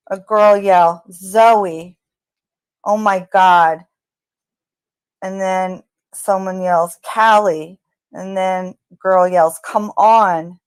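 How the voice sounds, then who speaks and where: A woman casually narrating what she hears in a recording, halting often with ums and restarts. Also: fairly low pitch, darkish tone, no echo. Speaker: true crime commentator. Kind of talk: casual narration of audio analysis.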